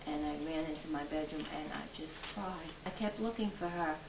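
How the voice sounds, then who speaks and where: An older woman's gravelly voice tells a personal story with earnest energy. She sits back from the mic in an echoing room, and the sound is dull with steady noise behind her. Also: deep voice, brisk. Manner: earnest, lively retelling. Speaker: interviewee. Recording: distant, dull, noisy, roomy.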